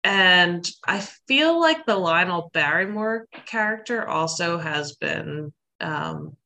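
A woman co-hosting a casual film podcast, relaxed and laughing between thoughts. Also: lowish voice, slow, creaky. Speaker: podcast co-host.

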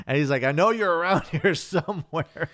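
A man's voice: a little high, normal speed, a bit bright, no echo, clean studio sound. A man co-hosting a podcast in casual chat, laid-back and swearing, often trailing off mid-thought. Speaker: podcast co-host.

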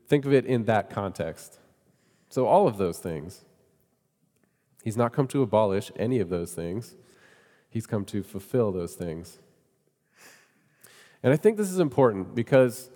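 A pastor delivers a sermon conversationally, frequently putting questions to the congregation. His medium-pitched voice is warm, and a long reverb tail follows it.

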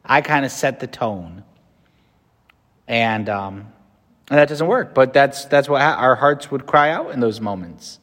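A man's voice: mid-range voice, unhurried, fairly bright tone. An American man, a Catholic priest, giving a conversational homily with fillers and restarts. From United States. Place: church. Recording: long reverb from a church.

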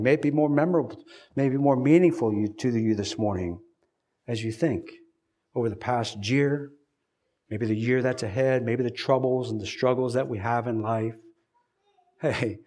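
A male pastor preaching a sermon, moving between loud, emphatic stretches and quiet, slow, low passages, then leading a prayer.

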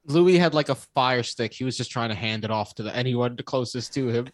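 Young male co-host, casual animated storyteller, mid pitch, dead-dry close mic. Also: a little fast, no room sound. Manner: animated, swears, laughs while telling. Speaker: podcast co-host.

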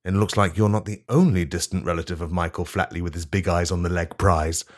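A man narrating an absurd comedy tabletop game as game master, in a deadpan storytelling manner. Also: low-pitched, fairly quick.

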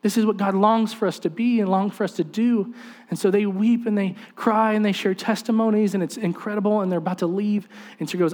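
A man preaching, telling a family story with lively acted-out quotes and direct appeals to the listeners. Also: high voice, fairly quick. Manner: animated storyteller acting out quoted voices. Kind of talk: sermon storytelling.

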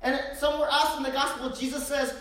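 A woman pastor preaching a sermon in a lively, joking way, full of rhetorical questions, in a church. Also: high voice, quick pace. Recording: very echoey room, distant mic.

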